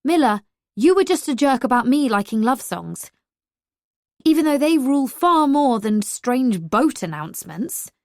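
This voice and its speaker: Teasing sharp-tongued young woman, as a narrator puts her on. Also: high voice, dry recording, voice pushed up, exaggerated voice. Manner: teasing, deadpan, quick comebacks. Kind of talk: audiobook character voice.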